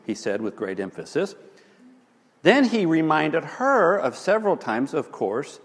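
A man's voice: on the high side, slightly rough, big-room sound. A man teaching about marriage conflict, telling stories with wry asides. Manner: animated, storytelling, wry asides.

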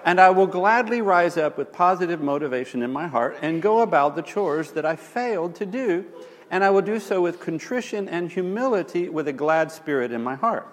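A man's voice: high-pitched, expressive, normal speed, big-room sound. A man voicing an irritated, defensive husband in an illustration, sarcastic and mock-groveling.

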